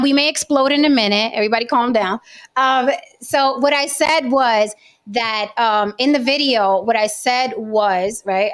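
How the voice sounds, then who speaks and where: A young woman hosting a casual debate livestream, blunt and confrontational, and she doubles down rather than backing off. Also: fairly high pitch. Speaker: host.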